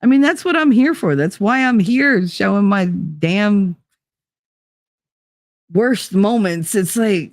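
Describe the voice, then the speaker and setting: A woman's voice: medium pitch, lively intonation, measured pace, dry recording, clean studio sound. A woman with a New Jersey accent hosting a livestream, chatting casually with viewers in a blunt, profane, rambling way. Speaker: livestream host. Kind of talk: casual chat with live viewers.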